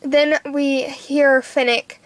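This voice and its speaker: A woman's voice: high-pitched, flat delivery, takes it slowly, no echo. A young woman vlogging a casual movie review, gushing and emotional, rambling with lots of fillers.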